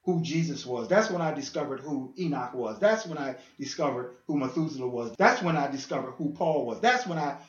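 A man's voice: mid-range voice, animated, a little fast, few pauses. A man giving an earnest spoken testimony as a podcast guest, acting out dialogue as he tells his story. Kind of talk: testimony in casual chat. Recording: echoey room, dull lo-fi sound.

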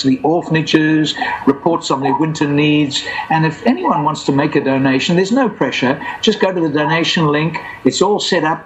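A man's voice: a little high, rough recording. Older male evangelist guest, anecdotal and conversational, faint background noise. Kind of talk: storytelling interview answers.

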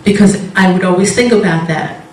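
A woman's voice: mid-range voice, a little fast, a little mellow, slight background noise. A woman giving an informal faith testimony. She rambles, interrupts herself and laughs often as she tells her stories. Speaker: Christian speaker sharing a testimony. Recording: roomy, distant mic.

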